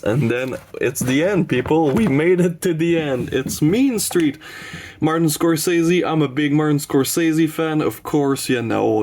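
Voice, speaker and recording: A man's voice: mid-range voice, creaky, darkish tone. A man with a sniffly voice from allergies, rambling casually and enthusiastically through his film collection, swearing when he gets heated. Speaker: horror film collector and channel host. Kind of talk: casual collection showcase vlog.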